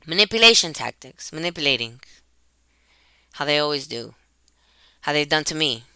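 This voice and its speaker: A woman, a mother, recounting a personal family conflict to a webcam in a halting way, repeating words and restarting sentences. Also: low voice, animated, pushed and bright, clear, resonant tone, no echo. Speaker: mother telling a personal story. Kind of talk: emotional personal storytelling to camera.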